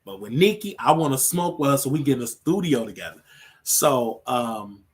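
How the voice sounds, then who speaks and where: A man's voice: mid-range voice, expressive, moderate pace, breathy edge. A man hosting his own show, chatting casually and rambling on a livestream, laughing often. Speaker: show host.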